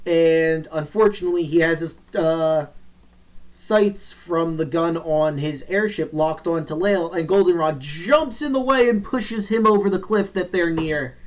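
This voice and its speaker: A man's voice: high voice, far from the mic, low-quality recording. A man hosting a let's play, casually recapping a game's story in a rambling, jokey way and acting out the characters' lines.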